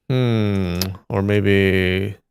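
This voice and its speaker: A man streaming live, thinking aloud and slowly sounding out syllables as he works through a word puzzle. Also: lowish voice, creaky, smooth. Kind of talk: casual muttering while solving a word puzzle.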